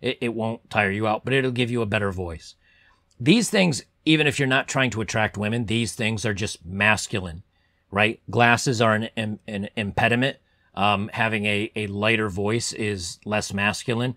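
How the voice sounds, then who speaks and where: A young man talking to camera as a channel host, giving rambling advice with lots of ums and repeated words, keeping his voice deliberately pressed low. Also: bright, forceful tone, no echo, clean studio sound. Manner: deliberately lowered, pushed-down voice. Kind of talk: casual advice monologue to camera.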